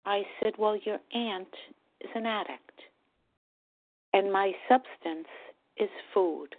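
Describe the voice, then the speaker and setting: Middle-aged woman telling her story real slow and earnest, over a thin phone line. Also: mid-range voice. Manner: slow, halting, earnest, with pauses and restarts. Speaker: speaker sharing her recovery story. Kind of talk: personal testimony at a support meeting. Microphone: phone call.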